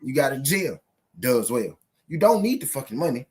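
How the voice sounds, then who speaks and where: A man's voice: mid-range voice, very animated, normal speed, a little mellow, breathy edge. A man hosting a casual boxing talk stream. He swears freely, talks straight to his viewers and reads a news article aloud. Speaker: boxing channel host. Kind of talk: casual live commentary, reading an article aloud.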